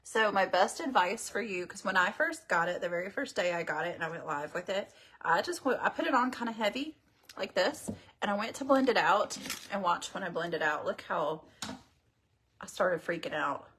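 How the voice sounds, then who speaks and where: Chatty husky woman doing a makeup stream. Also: lowish voice, expressive, normal speed, fairly bright tone. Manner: chatty, rambling, talks to viewers. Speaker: beauty livestream host. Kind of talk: casual makeup tutorial livestream.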